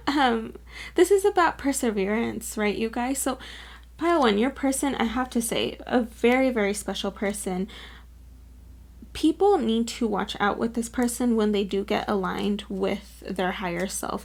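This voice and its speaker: A woman's voice: on the high side, gravelly, a little mellow. A woman giving a casual, effusive pick-a-card tarot reading to camera, earnest and full of fillers. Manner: chatty and effusive, full of "like" and "you guys"; earnest and openly moved while reading. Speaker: tarot reader.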